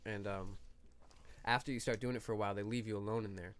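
A man's voice: on the low side, fairly even intonation, fast talker, smooth. Crude joking podcast man. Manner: crude, loud, joking banter. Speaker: podcast co-host. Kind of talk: casual chat.

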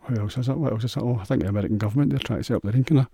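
A man's voice: mid-range voice, racing, vocal fry, dark tone, breathy edge. A man with a Scottish accent hosting a solo podcast, rambling in a crude, sweary, offhand way. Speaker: podcast host.

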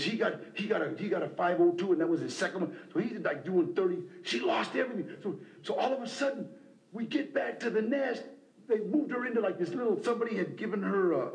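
A middle-aged man speaking at a recovery meeting, telling his personal story in an impassioned, animated way and acting out other people's voices. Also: high voice. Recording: roomy hall on cassette tape.

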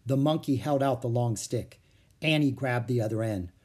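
A man reading a children's chapter book aloud as a storyteller, with expressive, animated delivery. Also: medium pitch, moderate pace.

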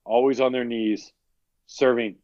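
A man in casual podcast chat among friends, teasing loudly and sometimes shouting. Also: mid-range voice, little pitch movement, unhurried, dry recording, lo-fi sound. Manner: loud teasing, jumps to shouting.

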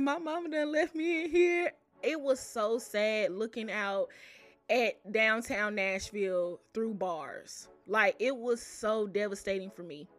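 Bright-voiced young woman telling stories. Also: a little high, dry recording. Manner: animated, addresses listeners as y'all. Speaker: storyteller. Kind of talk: casual storytelling to camera.

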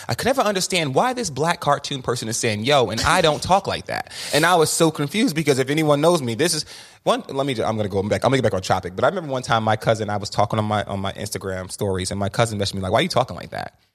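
A man chatting as a guest on a podcast, animated and opinionated, often restarting his sentences. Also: mid-range voice, racing. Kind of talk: casual podcast conversation.

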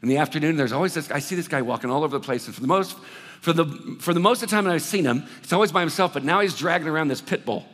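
A man preaching a sermon, telling a story with lively acted-out dialogue before moving into scripture. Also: fairly high pitch, rapid-fire. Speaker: pastor. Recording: reverberant hall sound.

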